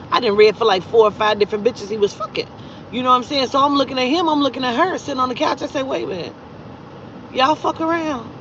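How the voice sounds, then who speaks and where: A woman recounting a personal story in a loose, profane storytime style, her voice leaping high and loud when she gets exasperated. The audio is dull and lo-fi. Faint traffic hums in the background. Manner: profane, animated retelling with loud exasperated outbursts. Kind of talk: casual storytime vlog.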